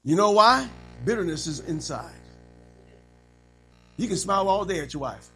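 A male preacher delivering a lively sermon, calling for amens from the congregation. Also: sits high, normal speed, slightly rough, faint music behind, rough recording. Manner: call-and-response, animated, frequent amens.

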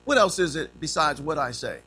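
A man's voice: on the high side, brisk. A man in his fifties preaching a sermon, telling funny stories and acting out the voices in them. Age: 50s. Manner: animated storytelling, acting out quotes; humorous.

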